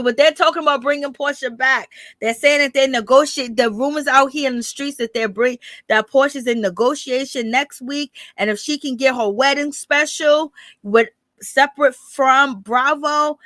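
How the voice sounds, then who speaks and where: A woman's voice: sits high, normal speed, fairly bright tone, no echo. A woman hosting her channel, giving rambling, blunt and profane live gossip commentary. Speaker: channel host.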